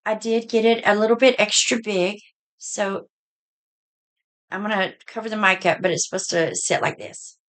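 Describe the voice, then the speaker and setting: A middle-aged woman with a Southern US accent, a bit hoarse, chatting in a folksy way through a casual haul video. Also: mid-range voice, fairly even intonation, normal speed. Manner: chatty, folksy, says y'all. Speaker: vlogger.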